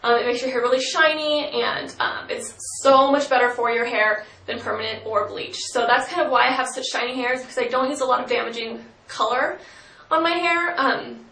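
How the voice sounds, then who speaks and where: A woman's voice: sits high, fairly quick, pushed and bright. A young woman vlogger giving casual hair-care tips, chatty and full of "um" and "like". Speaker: beauty vlogger. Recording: roomy sound from a distant mic.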